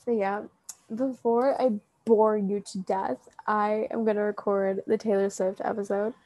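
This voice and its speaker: A woman's voice: medium pitch, level tone, measured pace, dark tone. A young woman talking straight to a friend in a rambling, heartfelt monologue, full of fillers and restarts, standing up as she speaks. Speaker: vlogger addressing a friend. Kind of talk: emotional casual monologue.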